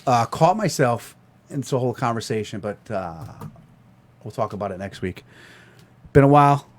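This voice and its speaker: A man's voice: medium pitch, animated, normal speed, a little hiss or hum. Joking, swearing male podcast host. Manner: loose and joking, swears casually. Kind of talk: casual chat.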